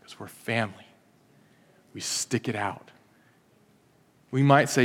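A man's voice: mid-range voice, slow pace, pauses often, long reverb tail. A male pastor preaching in a conversational, joking way, acting out little everyday scenes. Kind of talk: sermon. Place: church.

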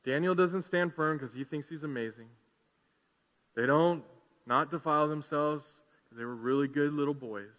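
A man preaching a sermon as pastor, swinging from hushed, slow passages to loud, fervent calls to the congregation. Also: on the high side. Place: large church hall. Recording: long hall reverb.

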